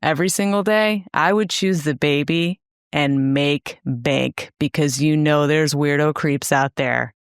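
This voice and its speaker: A woman's voice: low-pitched, unhurried, clear, resonant tone, no room sound, clean studio sound. A young woman co-hosting a podcast, chatting casually with playful, teasing banter. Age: young adult. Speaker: podcast co-host. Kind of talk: casual chat.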